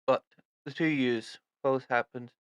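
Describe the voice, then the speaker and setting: A man narrating a tabletop game as game master, in a relaxed, descriptive way. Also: mid-range voice, moderate pace, smooth, no echo, highs cut off.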